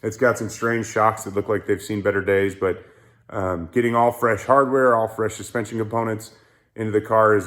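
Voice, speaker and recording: A man's voice: on the low side, fairly even intonation, moderate pace, a bit bright. Joking young man in a garage. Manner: joking, self-mocking, rambling. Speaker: car-build vlogger. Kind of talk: casual garage vlog. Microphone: phone.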